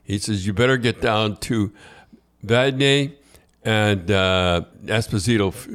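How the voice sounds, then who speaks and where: An older man hosts a podcast, telling long, rambling stories in a casual chat, with many restarts and repeated words. His voice is fairly low, slow, a bit bright, and clear with a resonant tone.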